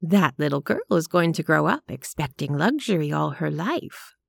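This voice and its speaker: A woman voicing a prim, quietly disapproving elderly lady in an audiobook reading. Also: low voice, big pitch swings, moderate pace, gravelly, dry recording, studio quality, exaggerated voice. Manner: genteel, precise, quietly disapproving. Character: prim, gently sharp-tongued elderly woman.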